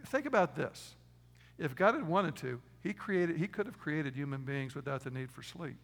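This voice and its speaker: Male pastor, sermon delivery, slightly higher pitch with a gravelly edge, long hall reverb. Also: animated, moderate pace. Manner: emphatic preaching, swings from loud stresses to quiet low asides.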